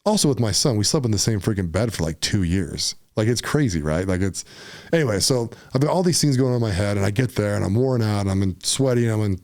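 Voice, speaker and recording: A man from Utah appears as a podcast guest and tells a personal story in a casual, animated way, often saying "dude" and "right?". His voice is fairly low and he talks fast.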